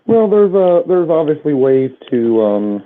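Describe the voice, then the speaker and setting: A man in casual chat, speaking in a measured way and often restarting his phrases. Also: on the high side, big pitch swings. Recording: tinny voice-chat line.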